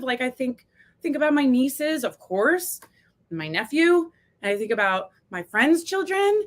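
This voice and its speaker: A woman's voice: high-pitched, expressive, moderate pace. A woman from the United States, a coach hosting her own live video series, talking candidly to viewers while close to tears and swearing freely. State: tearful, close to crying. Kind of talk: casual live-stream talk to viewers.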